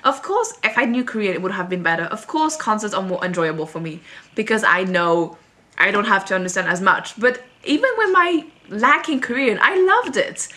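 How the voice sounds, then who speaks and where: Young woman vlogger, crisp bright tone, chatty and rambling, talks to camera from home. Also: medium pitch, fairly quick. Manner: rambling, filler-heavy, animated retelling. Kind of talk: casual storytime chat to camera. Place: at home, moving between rooms.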